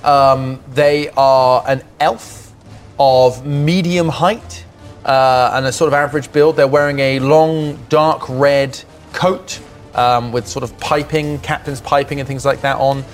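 A man narrating a tabletop game as game master, describing scenes with frequent pauses and ums. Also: medium pitch, steady tone, soft background music. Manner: descriptive, hesitant with many ums.

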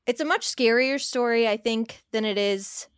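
A woman in her thirties co-hosting a podcast, chatting casually and reading a horror passage aloud with animated emphasis. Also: fairly high pitch, moderate pace, clear, resonant tone, no room sound, studio quality. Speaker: podcast co-host.

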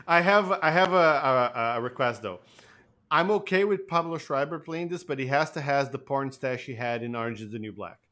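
A man's voice: medium pitch, moderate pace, sharp tone. A man co-hosting a podcast, giggly and teasing in casual chat. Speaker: podcast co-host.

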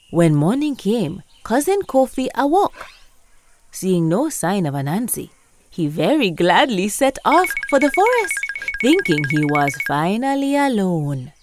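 A woman narrating a children's story in a bright, expressive way, her mid-range voice rising and falling with lots of movement. Soft music plays faintly underneath her storytelling. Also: mid-range voice. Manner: lively, expressive, asks listeners questions.

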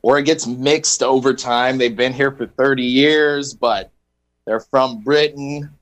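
A man's voice: medium pitch, fairly even intonation, a little slow, poor audio. Punning male radio host reading history. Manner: punning, playful. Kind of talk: reading history items with puns.

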